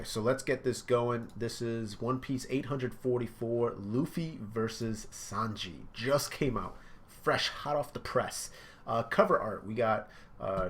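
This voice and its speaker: A man hosting a casual reaction video, describing comic panels with excitement and shouted sound effects. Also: lowish voice. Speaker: manga reaction video host.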